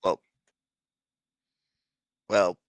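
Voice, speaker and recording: A man's voice: very slow, no echo. A man bantering on a game stream, teasing his friend in a dry way.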